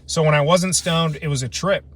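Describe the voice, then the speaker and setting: Outdoors at night, a man in his late twenties runs a casual camping stream on his phone, going through viewer comments. He speaks at a moderate pace in a slightly high, somewhat bright voice, rambling loosely with slang and self-deprecating humor.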